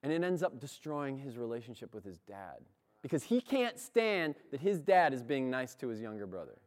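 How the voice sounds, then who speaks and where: A man's voice: mid-range voice, very animated, normal speed. A man preaching a sermon in a church, talking in a conversational way and often laughing.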